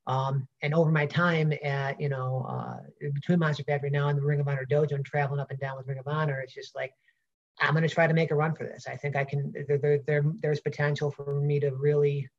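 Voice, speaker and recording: A man's voice: fairly high pitch, level tone, quick pace. Man, Brooklyn accent, pro wrestler, rambling, lots of fillers, dull lo-fi sound. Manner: rambling, many fillers and restarts. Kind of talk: casual interview answers.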